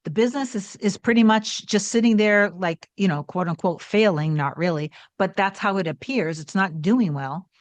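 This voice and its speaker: A woman's voice: mid-range voice, moderate pace, hardly any pauses, no echo. Earnest woman coach telling a story. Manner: earnest, rambling with restarts and acted quotes. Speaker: manifestation coach. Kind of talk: personal storytelling monologue.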